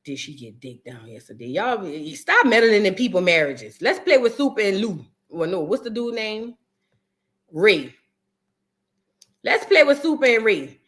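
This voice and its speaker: A woman from New Orleans with a New Orleans accent, hosting a reaction show in animated, chatty and profane talk with her viewers. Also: medium pitch, a little slow. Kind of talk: casual reaction chat.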